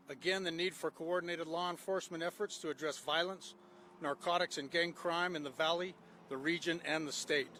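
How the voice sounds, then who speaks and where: A man with a somewhat high-pitched voice reads a prepared press conference statement, stumbling through frequent "uh" fillers. He speaks as a gang unit director at an outdoor podium. Faint traffic and street ambience run underneath. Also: pushed and bright.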